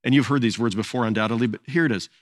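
A man's voice: mid-range voice, very fast, no echo. A man preaching a sermon as pastor, earnest and often repeating words as he searches for phrasing.

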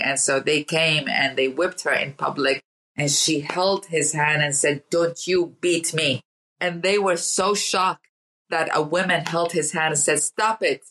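A woman's voice: fairly low pitch, fairly bright tone, poor audio. A woman from Iraq, an interview guest telling emotional stories and repeating words for emphasis. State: emotional, near tears. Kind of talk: emotional storytelling in conversation.

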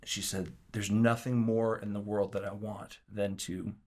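A man telling a story as an interview guest, animated and acting out the quotes, with frequent restarts. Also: on the low side, unhurried. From Kansas City area.

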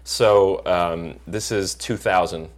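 A middle-aged actor in casual chat, telling lively stories and acting out the people he quotes. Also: low-pitched, slow. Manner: animated storyteller acting out quoted voices. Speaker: actor guest.

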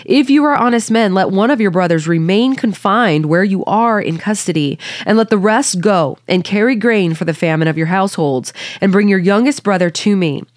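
A woman's voice: mid-range voice, moderate pace, hardly any pauses, no room sound, studio quality. A woman reading the Bible aloud and stopping to muse informally on each passage. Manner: reads scripture then muses aloud informally. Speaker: Bible study teacher.

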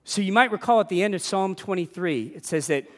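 Male pastor, sermon delivery, emphatic repetition, sinks quiet on key words; a touch high, lingering church reverb. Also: animated, brisk. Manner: earnest, emphatic repetition, drops low and soft on key words. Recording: long reverb of a church hall.

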